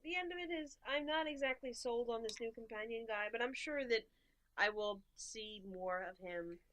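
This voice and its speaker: A woman co-hosting a casual podcast, chatting and telling stories in an animated way. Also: on the high side, moderate pace. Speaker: podcast co-host. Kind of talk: casual chat.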